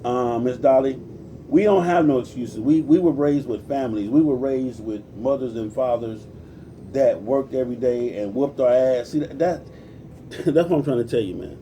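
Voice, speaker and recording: Recorded from a distance with slight background noise, a forties-aged livestream host from Compton, California, preaches and rants, swearing freely and calling out viewers by name. His voice is medium-pitched and mellow, at a moderate pace.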